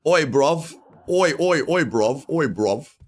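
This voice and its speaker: A man's voice: on the high side, animated, takes it slowly, voice pushed up. A British man playing a brash, cheeky cockney lad with a put-on, exaggerated voice.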